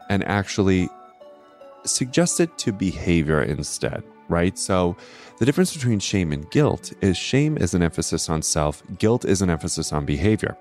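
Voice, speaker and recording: A man's voice: low-pitched, expressive, measured pace, darkish tone, soft background music. A man giving an educational astrology talk, explaining ideas earnestly and often checking in with "right?". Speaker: astrology host.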